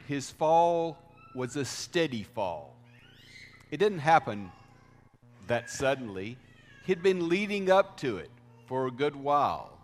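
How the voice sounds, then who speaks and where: Man, pastor, slow deliberate sermon, emphatic swells, long church reverb. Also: fairly high pitch. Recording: reverberant hall sound.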